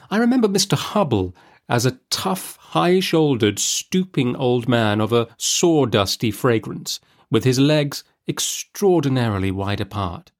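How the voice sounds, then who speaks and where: Man reading a classic story aloud. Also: medium pitch. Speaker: audiobook reader. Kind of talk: expressive storybook narration.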